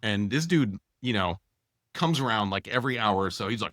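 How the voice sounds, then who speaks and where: Male podcast co-host, bright tone, casual animated storyteller, dry close mic. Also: on the low side, brisk, no echo. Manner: animated, acts out dialogue with lots of fillers.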